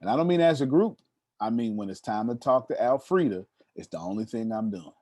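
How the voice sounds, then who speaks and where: A man in his thirties with a middling pitch gives an animated storytelling talk as a motivational speaker. He turns to his listeners directly and teases them as he goes, and the recording is dry and close, with no room echo. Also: fairly quick. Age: 30s.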